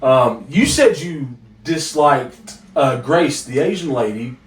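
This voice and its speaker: A man chats through a movie review with a friend, drifting and repeating himself. His mid-pitched voice sits back from the mic in a roomy, echoey space. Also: animated, slow pace. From Korea. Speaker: co-host. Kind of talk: casual movie review chat. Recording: echoey room, mic at a distance.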